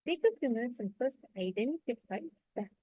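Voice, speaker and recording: A woman's voice: a little high, lively intonation, brisk, husky, no echo, highs cut off. A woman leading an online spiritual class, giving patient step-by-step instructions and often checking that everyone understands. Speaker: meditation session facilitator.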